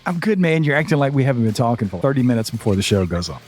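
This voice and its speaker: A man's voice: mid-range voice, sing-song, rapid-fire, a little mellow, faint music behind. A man hosting a live podcast, upbeat and chatty, greeting viewers in the chat as he talks. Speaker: podcast host.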